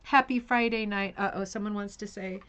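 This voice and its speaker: A woman's voice: mid-range voice, fairly even intonation, a little fast, a bit bright. A woman hosting a craft live stream, chatting casually and greeting viewers by name with scattered, self-interrupting talk. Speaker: host of a rug hooking live stream.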